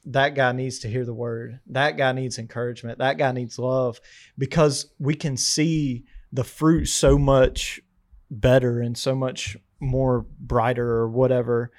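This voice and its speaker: A man co-hosting a Christian podcast, speaking in a halting way with many fillers and amens. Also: mid-range voice, flat delivery. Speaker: podcast co-host. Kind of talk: casual faith talk.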